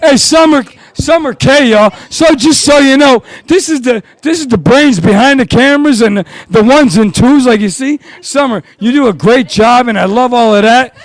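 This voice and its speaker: A man emceeing outdoors outside a music venue, talking in rowdy, profane, hyped-up banter and shouting thanks. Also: very high-pitched, normal speed, few pauses, no room sound. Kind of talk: hyped-up live event banter.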